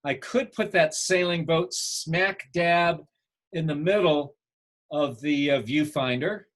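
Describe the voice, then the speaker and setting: Male photography teacher, fairly high voice, video call, quizzes the class, encouraging. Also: takes it slowly, a bit bright. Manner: asks the class questions, encouraging.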